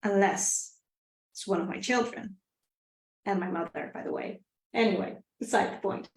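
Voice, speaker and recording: A woman's voice: medium pitch, normal speed, slight background noise. Earnest middle-aged woman, roomy sound. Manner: earnest, reflective, repeats phrases; drops to a soft, quiet voice at times. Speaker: live stream host. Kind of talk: personal storytelling on a live stream. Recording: roomy echo.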